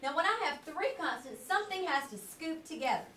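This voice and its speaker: High woman teacher, patient questioning, distant echoey classroom, faint hiss. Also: big pitch swings, pushed and bright. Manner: patient, questioning, drawn-out word modelling. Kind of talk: classroom phonics lesson.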